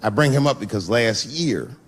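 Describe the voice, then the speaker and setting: A man's voice: mid-range voice, lively intonation, normal speed. Profane storytelling man on stage. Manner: profane, storytelling, acts out quoted voices. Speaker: stand-up comedian. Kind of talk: stand-up comedy set. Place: stage before a live audience.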